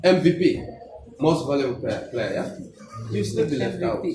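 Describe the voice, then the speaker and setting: A man teaching a class on emergency life support, lively and questioning, often laughing as he explains. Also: medium pitch, moderate pace. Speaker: medical trainer. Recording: echoey room, mic far off, background noise.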